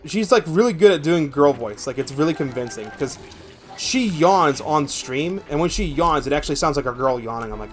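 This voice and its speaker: A young man with a gravelly voice, streaming a game from home and chatting in a rambling, profane way. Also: fairly high pitch, expressive, normal speed, faint music behind. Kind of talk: casual gameplay chat.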